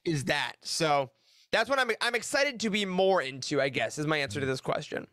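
High bright guy on a podcast, gushes fast in bursts, dry mic. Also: animated, no room sound. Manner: enthusiastic, rushes through words in bursts. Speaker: podcast co-host. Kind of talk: casual chat.

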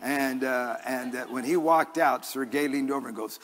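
Recorded in a church sanctuary with big-room sound, this male pastor speaks at a moderate pace in a medium-pitched, fairly bright voice. His sermon is earnest and conversational, blending personal stories with scripture.

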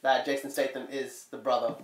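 Fast, excitable man, off-mic. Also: medium pitch, reverberant, recorded from a distance. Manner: excitable, swears freely, laughs often. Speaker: podcast co-host. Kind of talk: casual film review chat.

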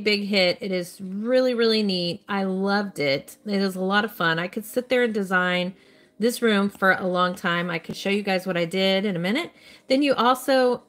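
A woman hosting a live stream, chatting casually and cheerfully while answering her viewers' questions as she plays a game. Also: mid-range voice. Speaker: live-stream host playing a mobile game.

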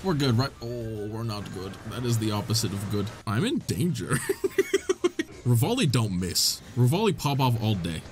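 A young man giving excitable let's play commentary, laughing, swearing and reading the dialogue aloud. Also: fairly low pitch, normal speed. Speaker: gaming YouTuber. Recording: faint game music behind. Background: faint game music.

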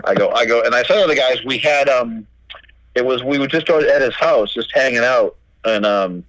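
On a poorly recorded, dry track, a middle-aged record label owner guests on a podcast, speaking at medium pitch and a moderate pace. He's animated as he tells stories, acting out quoted dialogue and swearing freely in this casual interview.

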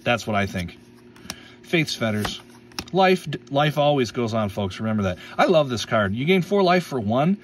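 A man's voice: mid-range voice, big pitch swings, moderate pace, recorded from a distance. A man's voice, set a little back from the mic, chats playfully while he tears open card packs and reads out what he pulls. He stumbles over names and laughs them off. A faint hum of room noise sits behind him. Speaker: card-opening YouTuber. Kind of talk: casual pack-opening commentary.

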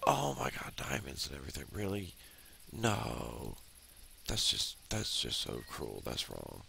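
Let's-play guy with a very deep, creaky voice, slow delivery, lots of frustrated swings, noisy recording. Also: very animated. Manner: grumbling, exasperated ranting. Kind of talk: casual gameplay commentary. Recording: loud background noise.

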